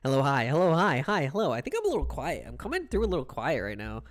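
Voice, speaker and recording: A man's voice: on the high side, very animated, fast. Playful, rambling male streamer. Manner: playful, rambling, greets chat repeatedly. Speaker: live streamer. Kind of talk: casual live-stream chat.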